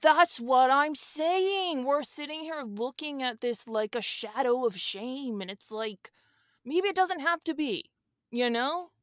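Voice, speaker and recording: A woman's voice: sits high, slow, a bit bright, no room sound, clean studio sound. A woman playing a young, rich, airheaded male influencer who talks in a slangy, rambling, defensive drawl as a guest on a comedy podcast. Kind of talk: improvised comedy podcast sketch.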